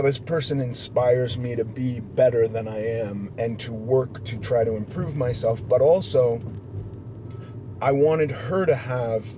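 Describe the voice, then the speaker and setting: A middle-aged man with a mellow, warm voice speaks candidly as a guest. He is reflective and often restarts his sentences. A faint hiss sits behind him. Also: mid-range voice. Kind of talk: casual chat.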